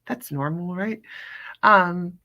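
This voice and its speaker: A woman's voice: fairly low pitch, takes it slowly, pushed and bright. A woman in her thirties, hosting a casual chat show and telling stories in a chatty way with lots of fillers. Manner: chatty, storytelling, many fillers. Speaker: podcast host.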